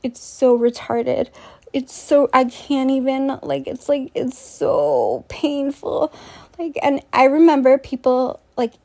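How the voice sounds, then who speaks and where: High-voiced woman telling a rambling story. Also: steady tone, measured pace, vocal fry, a little mellow. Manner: rambling, incredulous, scornful, addresses the listener directly. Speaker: vlogger.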